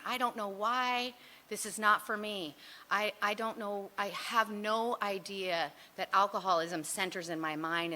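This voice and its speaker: Bright-voiced woman sharing her recovery story. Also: on the low side. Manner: candid, rambling, self-mocking; frequent fillers like "you know" and "like". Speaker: speaker sharing at a recovery meeting.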